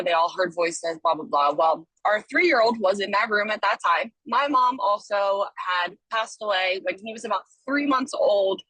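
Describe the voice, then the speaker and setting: A woman tells a story in a casual voice memo, acting out what her young son said. Her voice is bright with a husky edge. The recording sounds dry and close. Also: medium pitch, no echo, low-quality recording. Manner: animated, acts out quotes of her child. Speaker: listener sending a voice story.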